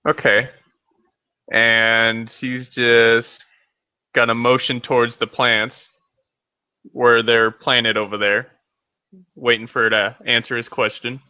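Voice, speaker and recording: A man playing a tabletop game, calmly describing what his character does. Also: medium pitch, clear, resonant tone, no room sound, lo-fi sound. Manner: slow, deliberate, describing his character's actions. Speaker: player. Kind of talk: casual tabletop play.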